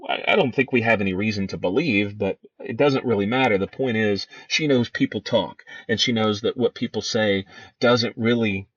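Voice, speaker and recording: A man's voice: on the low side, a bit bright, dry recording. A man teaching a lesson on a play, talking casually with many fillers and restarts. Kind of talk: lecture on a play, reading quotes aloud. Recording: dry, dull lo-fi recording.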